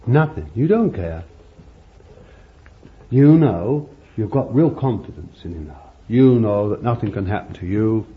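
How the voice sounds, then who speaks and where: A man's voice: fairly low pitch, lively intonation, unhurried. A man preaching a sermon in a folksy, conversational way, often adding "you see" as an aside. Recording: muffled lo-fi recording with faint hiss.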